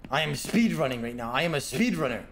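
A man live-streaming a game, talking to himself and to his chat, with sudden bursts of loud yelling and laughter. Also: on the high side, very animated, quick pace, gravelly, a little hiss or hum.

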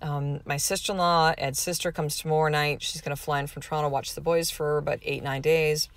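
Chatty woman podcast host, lowish voice. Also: flat delivery, a little fast, no room sound. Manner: candid, chatty storytelling with many fillers. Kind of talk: casual podcast monologue.

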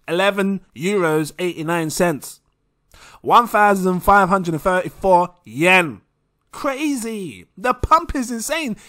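Excitable, giggly young Englishman vlogging. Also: high voice, measured pace, no echo, clean studio sound. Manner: excitable, giggly, rambling, self-mocking. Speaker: crypto vlogger. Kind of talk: casual screen-share commentary.

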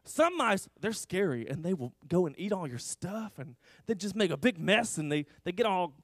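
High, lively man teaching children. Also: moderate pace, no echo, studio quality. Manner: animated, exaggerated storytelling to kids. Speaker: children's church leader. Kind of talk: children's sermon.

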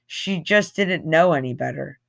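A woman's voice: low voice, normal speed, gravelly. A woman reading a novel aloud in a casual, conversational way, with an occasional slip. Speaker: audiobook reader.

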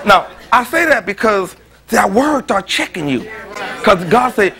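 A man preaching a sermon as pastor, swinging between loud exclamations and quiet asides. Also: extremely high pitch, sing-song, moderate pace, vocal fry. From United States.

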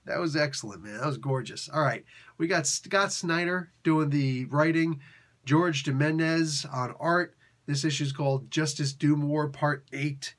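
A man hosting a casual comic book review, talking in an excitable, rambling, slangy way. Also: fairly high pitch, unhurried.

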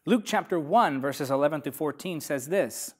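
Emphatic high-pitched male preacher. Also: expressive, normal speed. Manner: emphatic, dramatic swings between loud and soft. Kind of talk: sermon teaching.

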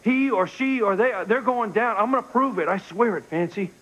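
A man's voice: sits high, moderate pace, fairly bright tone, muffled recording, a little hiss or hum. An actor playing an earnest young man in a soap opera who insists he will prove his innocence. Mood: determined.

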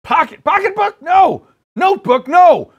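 A man's voice: extremely high pitch, big pitch swings, measured pace, lo-fi sound, pitched above the performer's own voice, exaggerated voice. A man doing a comic impression of a rambling, confused elderly president who halts, repeats himself and trails off.

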